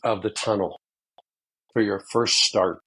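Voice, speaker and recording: A man's voice: lowish voice, steady tone, measured pace, bright, forceful tone, slightly rough. A man hosting a podcast interview, asking eager, rambling questions. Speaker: podcast host, sports agent.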